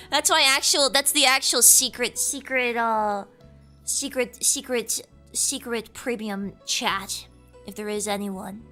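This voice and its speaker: Young woman streamer, high-pitched, bright, playful teasing chat, soft music behind. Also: slow pace. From Southern United States. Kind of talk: casual livestream chat, reading chat aloud.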